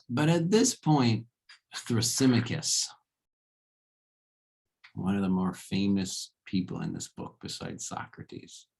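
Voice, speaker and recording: A man's voice: low voice, creaky, husky. A man giving a casual philosophy lecture, talking conversationally and checking in with rhetorical questions.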